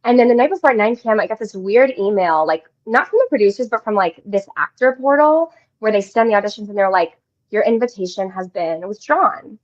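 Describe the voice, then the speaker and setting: A bubbly young woman from the Denver area chats as a guest on a radio show and tells her stories with plenty of laughs. Her voice sits in a middle pitch. The sound is a little dull and lo-fi. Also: animated, fast talker, hardly any pauses, a little mellow. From Denver area, Colorado. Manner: bubbly, laughs often, storytelling. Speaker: guest actress. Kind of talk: casual radio interview.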